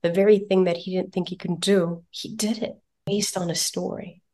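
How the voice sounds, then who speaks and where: A woman's voice: fairly low pitch, normal speed. A woman in her forties talking casually on a parenting podcast, telling personal stories and acting out the voices of the people in them. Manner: animated storyteller, acts out quotes. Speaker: parenting guest.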